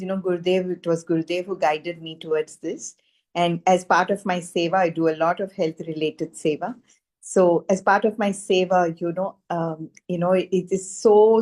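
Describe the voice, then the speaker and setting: A middle-aged woman with a lowish, darkish voice, a spiritual teacher, shares a wellness testimonial as conversational storytelling. She tells her personal story earnestly and emphatically, repeating phrases for stress.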